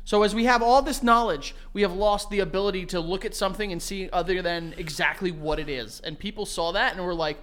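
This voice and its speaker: A young man co-hosting a casual podcast, riffing on absurd theories with deadpan, mock-serious confidence and needling his partner. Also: high-pitched, a little fast, hardly any pauses. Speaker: podcast co-host. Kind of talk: casual chat.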